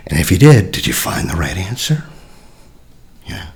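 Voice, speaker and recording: A man's voice: on the low side, big pitch swings, brisk, long pauses. A man coaching on relationships in a casual teaching monologue, reflective and conversational, often sighing and repeating himself.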